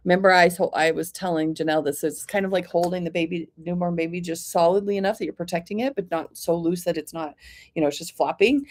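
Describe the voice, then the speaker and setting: A woman giving live oracle card readings to viewers, calling them by name in a gentle, reassuring, chatty way and often clearing her throat. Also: on the low side.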